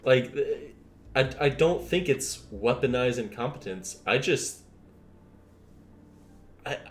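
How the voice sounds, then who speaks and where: A man's voice: mid-range voice, lively intonation, slow, soft background music. A man reacting alongside the host in casual commentary, sarcastic and full of stammered restarts.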